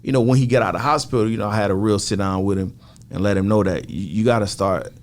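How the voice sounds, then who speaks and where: A man's voice: lowish voice, fast. A middle-aged man as a podcast guest, telling a story in casual talk and acting out what others said, with plenty of swearing. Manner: animated retelling, acts out quoted dialogue, heavy swearing.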